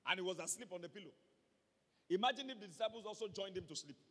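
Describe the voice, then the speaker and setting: A high-pitched, husky Nigerian man preaching as a pastor, hammering home key phrases and calling for amens. His voice rings with the long reverb of a large church hall. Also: expressive, quick pace, sharp tone. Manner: emphatic, repeats key phrases, calls for amens. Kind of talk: sermon.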